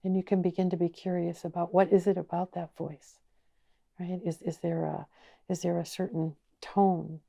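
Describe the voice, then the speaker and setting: Woman, gravelly low voice, gentle slow teacher, asks inviting questions. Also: flat delivery. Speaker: online course teacher. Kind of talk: guided teaching talk.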